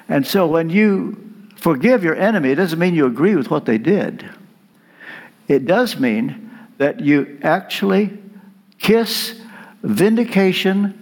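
A man preaches slowly, lingering on each phrase with long dramatic pauses. His voice runs somewhat high and rises and falls widely as he tells his story. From United States. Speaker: guest preacher. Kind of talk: sermon.

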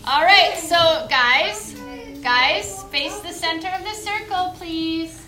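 A woman's voice: very high voice, slow, bright, forceful tone, a little hiss or hum. A young woman leading a children's yoga class as a story, coaxing and sing-song, heard from a distance in an echoey room. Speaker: kids' yoga teacher. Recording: echoey room, recorded from afar.

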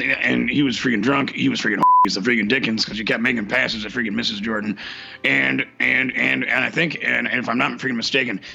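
A man's voice: medium pitch, bright, forceful tone. A man playing a bumbling, rambling radio co-host who stutters through restarts and says "freaking" in nearly every phrase. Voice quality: gravelly and raspy. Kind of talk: comedy radio-show sketch. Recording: dull lo-fi recording.

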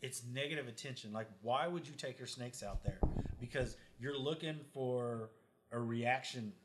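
A man's voice: mid-range voice, normal speed, noisy background. A man in casual podcast chat, telling blunt, profane stories about snakes and people.

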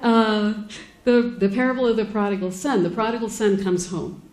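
Chatty woman lecturing with a mellow voice. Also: medium pitch, fairly even intonation, normal speed, a little hiss or hum. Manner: conversational, many fillers and restarts, acts out quoted speakers. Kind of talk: informal lecture.

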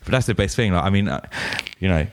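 A young man tells a rambling story in a relaxed, unhurried way, full of swearing and "like". His voice sits very low. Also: no room sound, clean studio sound. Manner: laid-back, swears freely, heavy use of "like". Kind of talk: casual storytelling chat.

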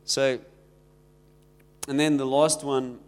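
A man's voice: mid-range voice, level tone, takes it slowly, in a large hall. A South African man preaching a sermon in a conversational way, acting out the little exchanges he quotes. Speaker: pastor.

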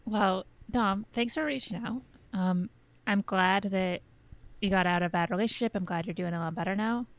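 A woman co-hosts a podcast, answering listeners in a relaxed, easygoing way with the odd swear word. Her voice sits at a mid pitch. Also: moderate pace. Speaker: podcast co-host. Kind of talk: casual podcast chat.

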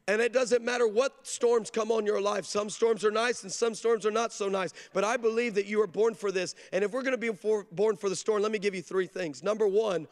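A man preaching a sermon as pastor, with an energetic, emphatic storytelling delivery. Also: sits high, fairly quick, few pauses, in a large hall. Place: large church.

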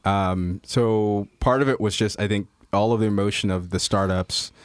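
Man, low-pitched, hesitant, reflective, podcast guest, dry sound. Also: fairly even intonation, normal speed, clean tone, dry recording. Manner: hesitant, many fillers, reflective. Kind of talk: casual chat.

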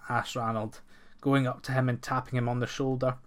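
A man narrating a folk tale in a steady, measured storybook reading. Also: mid-range voice.

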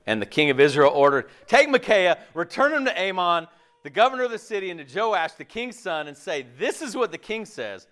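A pastor giving a casual, jokey sermon, asking the audience questions and laughing often. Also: male voice, high voice, big pitch swings, brisk, a bit bright.

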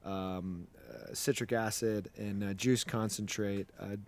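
A man's voice: lowish voice, steady tone, a little slow, vocal fry. A man co-hosting a casual podcast from a basement, joking and rambling with restarts. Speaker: podcast co-host. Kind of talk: casual chat. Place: basement room. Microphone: headphones and studio mic.

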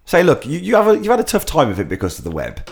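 A man's voice: fairly high pitch, wildly swooping pitch, rapid-fire, gravelly. A man co-hosting a podcast, riffing jokes and swearing in casual comedic chat. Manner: jokey, riffing, swears, puts on silly accents. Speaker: podcast co-host.

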